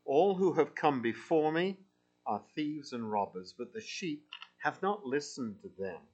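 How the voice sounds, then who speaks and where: A man's voice: on the high side, very animated, unhurried, darkish tone. A man preaching a sermon, lightly humorous in asides and emphatic when reading scripture aloud.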